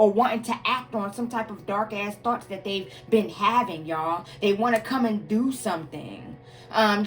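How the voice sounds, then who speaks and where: Woman with a somewhat high voice giving a blunt, cuss-heavy tarot reading straight to her viewers over faint music. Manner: emphatic, profane, repeats "y'all" and "collective". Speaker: tarot reader.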